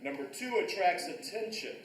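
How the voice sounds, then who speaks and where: A man teaching a live karate class, barking short commands and shouting counts, recorded in a restaurant event space from a distance. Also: high-pitched, lively intonation, fairly quick, slight background noise. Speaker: martial arts instructor. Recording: echoey room, picked up from far off.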